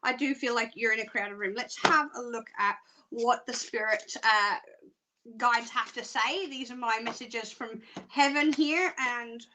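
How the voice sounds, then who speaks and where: Bright high-voiced chatty woman psychic. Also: a little slow, slight background noise. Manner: chatty and excitable, laughs often. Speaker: psychic reader. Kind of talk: live online card readings.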